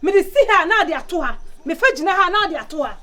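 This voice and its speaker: An actress with a Ghanaian accent playing an excitable, quick-tongued woman in a comedy film, rapid and argumentative. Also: extremely high pitch. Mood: arguing.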